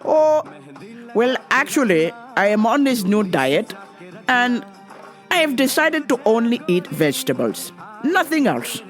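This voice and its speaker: A rude, demanding lady customer with a voice pitched well up and a nagging, repetitive insistence. She jumps up and down in pitch as she presses for help, as acted by a woman telling the story. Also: big pitch swings, measured pace, faint music behind. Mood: insistent. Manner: shrill, insistent, repeating herself.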